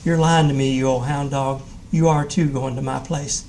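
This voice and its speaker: A man's voice: medium pitch, steady tone, normal speed, a little mellow, a little hiss or hum, lightly acted. A man reading aloud and voicing a mocking ghostly boy who taunts his old friend. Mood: taunting. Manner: mocking, sly.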